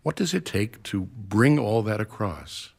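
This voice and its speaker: A male interviewer with a very deep voice and a husky edge. He asks calm, probing questions in an onstage interview. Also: measured pace.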